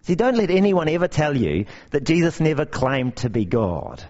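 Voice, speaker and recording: A man preaching a sermon, his pitch leaping up and down as he tells stories and drives points home with emphatic repetition. The recording sounds dull and lo-fi, as if the top end has been shaved off. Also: moderate pace. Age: young adult to middle-aged parent. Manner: animated storytelling with emphatic repetition.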